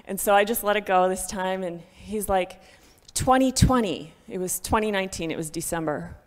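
A woman giving an emotional church testimony into a microphone. She is heartfelt, laughs often and speaks loudly. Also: mid-range voice, fairly even intonation, fairly quick. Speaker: guest speaker sharing a ministry testimony. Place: church sanctuary. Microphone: handheld microphone. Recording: long reverb of a church hall.

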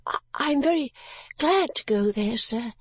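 Frightened young girl, faltering and hushed, pitched up, as a woman narrator puts her on. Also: expressive, extremely slow, husky, no room sound, heavily acted. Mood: timid.

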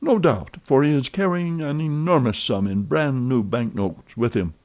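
A man voicing an excitable, talkative young French manservant in an audiobook, eager and full of exclamations. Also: medium pitch, moderate pace, pitched above the performer's own voice, close to an everyday voice. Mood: excited chatter.

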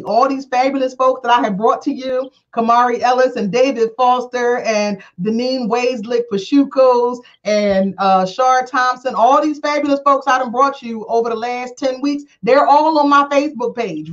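A woman hosting a talk show, telling a story casually with animated, acted-out dialogue and frequent laughter. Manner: animated, acts out quoted dialogue with big pitch jumps; laughs often while talking. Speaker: attorney and show host. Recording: dull lo-fi sound.

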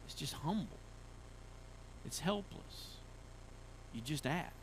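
A male pastor preaching in a church, his voice sitting a bit high for a man. He talks in a loose, conversational way, restarting phrases and building into emphatic runs. A faint hum of room ambience lies under the recording. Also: expressive, slow. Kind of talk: sermon. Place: church sanctuary.

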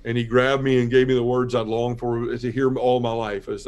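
A man giving a heartfelt personal testimony as a guest on a podcast, telling his story in an earnest, quiet way. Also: mid-range voice, little pitch movement, normal speed.

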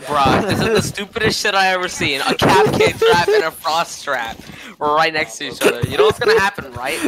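A man's voice: high voice, normal speed, low-quality recording. A young man chatting casually with friends over a team shooter game, joking, swearing and getting worked up. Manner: jokey, excitable, swears. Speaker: gamer and channel host. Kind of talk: casual gaming banter with friends.

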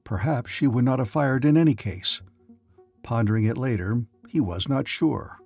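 A man's voice: mid-range voice, moderate pace, gravelly, a little mellow, husky. A man narrating a science fiction audiobook with dramatic storytelling. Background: faint music.

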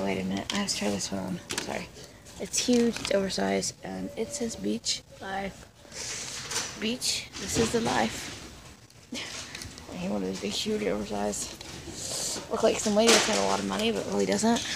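A woman's voice: medium pitch, fairly even intonation, moderate pace, gravelly. A woman chatting casually as she walks through a big store, rambling with jokey asides into a handheld phone. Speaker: vlogger. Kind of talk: casual store walkthrough vlog. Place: big retail store, indoors. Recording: noisy store background.

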